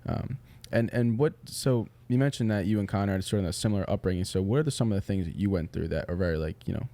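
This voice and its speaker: A man with a deep, dark and mellow voice hosts a casual podcast interview. He asks long, encouraging questions that wander and restart along the way. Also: fast talker. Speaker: podcast host.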